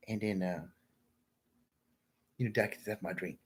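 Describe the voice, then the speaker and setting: A livestream host with a fairly low, slightly rough voice speaks at a measured pace and pauses often. He rambles through a profane story for his viewers, ending sentences with "man" and insisting it all really happened.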